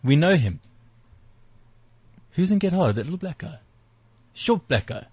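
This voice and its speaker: A man's voice: a little high, big pitch swings, a little slow, a little mellow, slightly rough, no room sound, muffled recording. A man hosting a radio chat show, talking hesitantly with many ums and restarts. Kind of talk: casual chat.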